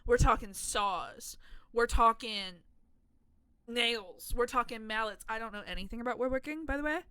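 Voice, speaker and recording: Bright, chatty young woman rambling. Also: on the high side, moderate pace, clear, resonant tone, no echo. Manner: chatty, profane and playful; rambling, self-deprecating asides. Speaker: content creator. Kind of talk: casual chat about game characters.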